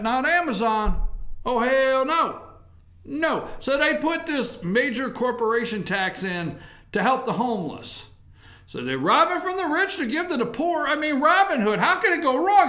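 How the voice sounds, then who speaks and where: A man hosting a talk show, delivering animated political commentary full of sarcasm. His voice sits high and swings widely in pitch. The sound carries a noticeable room echo.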